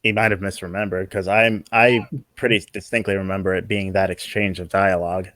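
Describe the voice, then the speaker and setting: A man's voice: low voice, little pitch movement, a little fast, fairly bright tone, dry recording, clean studio sound. A man co-hosting a podcast, thoughtful and hesitant as he recalls details. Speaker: podcast co-host. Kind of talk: casual chat.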